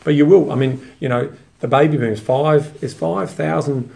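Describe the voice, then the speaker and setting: Gravelly Australian man chatting. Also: fairly high pitch, normal speed, warm tone. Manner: rambling, restarts mid-sentence. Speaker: podcast co-host. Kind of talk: casual chat.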